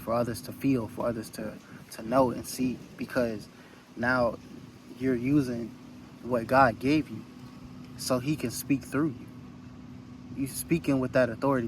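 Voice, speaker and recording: A man's voice: mid-range voice, background noise. A man giving an earnest, rambling motivational talk into his phone outdoors, repeating phrases for emphasis. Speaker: spiritual vlogger.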